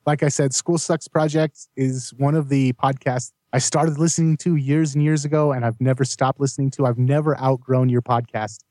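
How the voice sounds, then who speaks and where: A man appears as a podcast guest and speaks warmly in a casual, appreciative way. His voice sits in a mid range. The recording is dry and close. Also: medium pitch, fairly even intonation, normal speed, few pauses, no echo. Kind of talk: casual interview chat.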